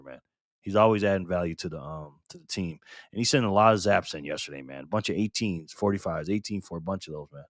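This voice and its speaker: A man's voice: mid-range voice, fairly bright tone, dry recording. A man hosts a casual livestream in a medium voice, reading out viewer comments and greeting people by name. He talks loosely, chuckles often and fills his talk with "man" and "you know what I mean." The sound is dry and close to the mic. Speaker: livestream host.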